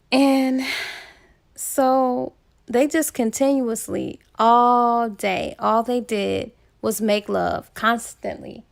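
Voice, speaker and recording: A woman's voice: a little high, vocal fry. A woman casually retelling a romance novel's plot as a book reviewer, chatty and full of asides.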